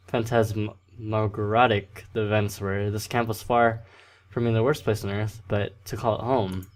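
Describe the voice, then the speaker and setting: A man hosting a let's play, reading a visual novel aloud with casual, self-deprecating asides and frequent stumbles over words. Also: fairly low pitch.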